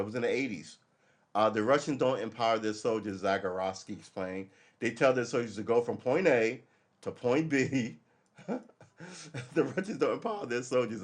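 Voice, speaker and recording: A middle-aged man hosting a live stream, giving casual, rambling commentary as he reads and reacts to a news article, swearing freely. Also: mid-range voice. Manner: rambling and profane, acts out quick imagined dialogue.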